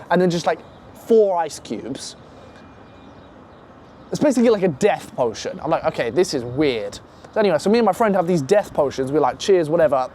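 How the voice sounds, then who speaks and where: A young man casually telling a profane, animated story and acting out the other voices in it. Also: high-pitched, slight background noise.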